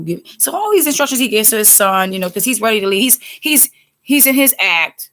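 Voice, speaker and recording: A woman teaching a casual Bible study who talks chattily, wanders into quick asides, and turns animated when she quotes people. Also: a little high.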